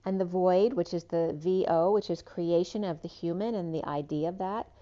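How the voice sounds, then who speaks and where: A woman with a lowish voice talks through a spiritual tarot reading. She drifts from image to image with ums and trailing asides. The recording sounds dull and lo-fi. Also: normal speed, warm tone. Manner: meandering, associative, with frequent ums and trailing asides. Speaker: tarot reader.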